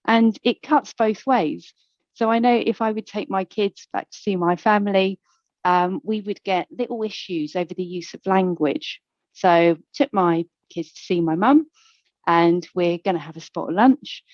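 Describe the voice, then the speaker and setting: A woman's voice: medium pitch, measured pace, a little mellow, no room sound. Playful woman telling a candid story. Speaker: conference panel speaker. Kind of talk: personal story at a conference. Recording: dull, dry lo-fi recording.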